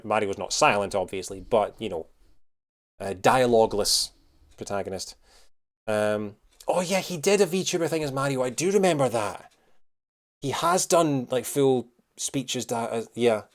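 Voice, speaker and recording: A man live-streaming, chatting casually and rambling with many fillers as he answers his chat. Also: mid-range voice. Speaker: streamer reacting to news.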